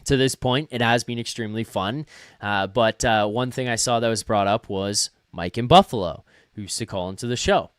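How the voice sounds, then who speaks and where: A man's voice: medium pitch, normal speed, clean tone, no echo, studio quality. A young man hosting a live hockey call-in stream, talking casually and rambling with fillers and self-deprecating asides. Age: young adult. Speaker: host of a hockey postgame call-in show.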